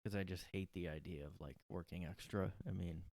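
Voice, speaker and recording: A man's voice: sits low, steady tone, brisk, darkish tone, no echo, studio quality. A man hosting a solo podcast from his room, rambling and sarcastic with lots of fillers. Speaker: podcast host. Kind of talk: casual solo monologue.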